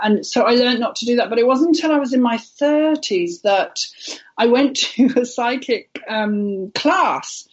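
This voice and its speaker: A woman's voice: on the high side, moderate pace, muffled recording. A woman speaking as a guest on an internet radio interview, telling her story in a heartfelt, earnest way. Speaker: guest, intuitive healer.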